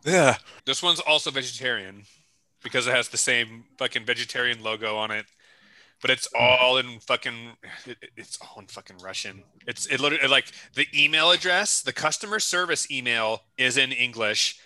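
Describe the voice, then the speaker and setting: A man's voice: medium pitch, moderate pace, sharp tone, no room sound, low-quality recording. A man co-hosting a casual chat while tasting snacks, swearing freely and exclaiming at the flavors. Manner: profane, exclaiming, joking. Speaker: podcast co-host tasting snacks.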